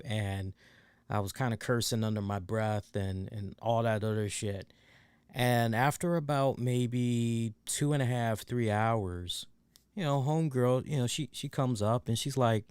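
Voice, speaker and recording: A man's voice: mid-range voice, steady tone, unhurried, darkish tone, clear, resonant tone, no room sound. Frank, profane male podcast host. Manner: frank, profane, many fillers. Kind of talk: casual storytelling.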